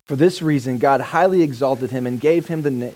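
A man's voice: medium pitch, a little fast, a little mellow, slight background noise, poor audio. A male pastor giving a sermon in a casual, enthusiastic, joking manner.

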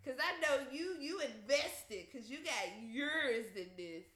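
A young woman telling a story in casual chat, animated and profane, with bursts of laughter. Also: high-pitched, slow. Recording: roomy echo.

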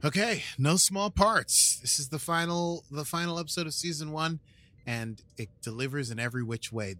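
A man's voice: a little high, normal speed, bright, forceful tone, dry recording. A man co-hosting a podcast, chatting playfully with frequent laughter and recapping an episode. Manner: playful, jokey, laughs often. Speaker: podcast co-host.

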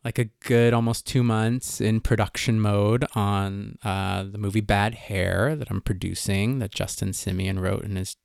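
A man's voice: lowish voice, steady tone, measured pace, creaky, few pauses, darkish tone, no room sound, clean studio sound. A man co-hosting a podcast in a laid-back casual chat, with frequent fillers. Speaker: podcast co-host.

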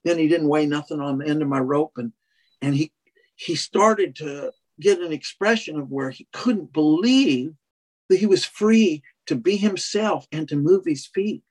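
A husky-voiced man who trains horses tells a long story in casual conversation. He speaks in a fairly high register for a man and rambles, starting over often and dropping in "you know". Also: a little slow.

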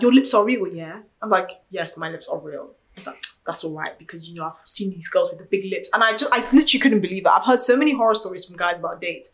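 Outspoken young woman in casual chat. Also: mid-range voice. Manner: outspoken, animated storyteller, acts out quotes.

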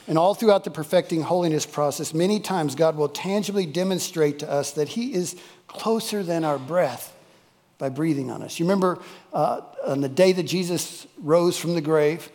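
A man's voice: fairly high pitch, moderate pace, a little mellow, big-room sound. A male pastor, preaching a folksy, emphatic sermon and repeating key phrases for weight. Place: church worship service.

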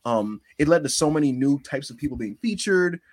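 A man co-hosting a podcast, talking casually and animatedly, sometimes mocking shouted promos in a high strained voice. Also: lively intonation, a little fast. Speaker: podcast co-host. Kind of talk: casual chat.

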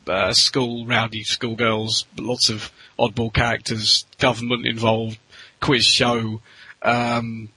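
Hesitant, husky-voiced man. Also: mid-range voice, flat delivery, bright, forceful tone, no echo, rough recording. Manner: rambling, halting restarts. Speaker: podcast co-host reviewing films. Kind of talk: casual chat.

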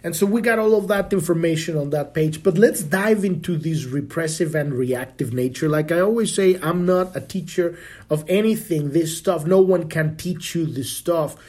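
A man's voice: fairly high pitch, normal speed, a little mellow. A man hosting a spiritual podcast, talking casually, swearing freely and often restarting his sentences. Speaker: podcast host. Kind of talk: spiritual talk.

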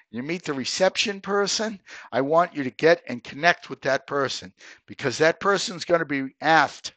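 A man's voice: mid-range voice, a bit bright, no room sound. A man hosting a career advice podcast, talking straight to listeners in an emphatic coaching way and often checking in with "okay?". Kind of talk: solo podcast monologue.

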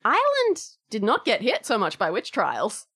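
A woman narrating a tabletop game as game master, with lively, laughing asides. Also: fairly high pitch, moderate pace, husky.

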